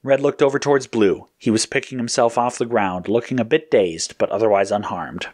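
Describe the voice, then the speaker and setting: Give me a low-voiced man narrating an action story in a steady way. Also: fairly quick.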